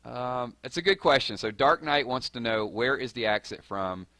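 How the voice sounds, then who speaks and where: A young man with a Southern Georgia accent, chatting fast and excitably on a live stream while answering viewers' comments. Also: medium pitch, no room sound. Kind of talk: casual live-stream chat.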